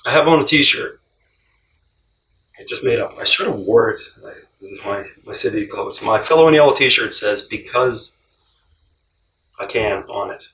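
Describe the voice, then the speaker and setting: Heard off-mic in a roomy space with slight background noise, this cross-country traveller has a fairly low voice, speaks at normal speed, and leaves long pauses. His casual storytelling is animated, with frequent laughs and acted-out quoted voices.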